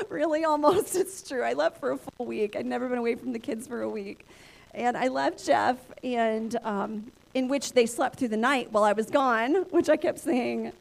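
A woman in her thirties, a pastor, preaching through a lively personal story and acting out her own inner voices. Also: a little high, creaky. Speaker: pastor and church planter. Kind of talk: sermon storytelling.

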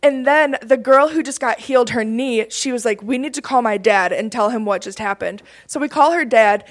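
A young woman from Michigan telling a personal testimony story, laughing often and getting excited as she talks. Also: a little high, normal speed. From Michigan, USA. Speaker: campus ministry team member.

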